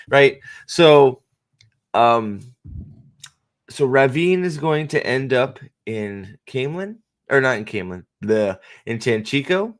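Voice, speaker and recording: A male host talks through casual fan commentary at a mid-range pitch. He rambles, swears freely, and breaks off his own sentences to restart them. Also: slow pace. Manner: rambling, profane, self-interrupting.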